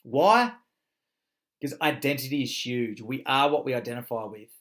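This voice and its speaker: A brisk man with a mid-range voice runs a motivational coaching course. He speaks emphatically, swears freely, and fires off rhetorical questions.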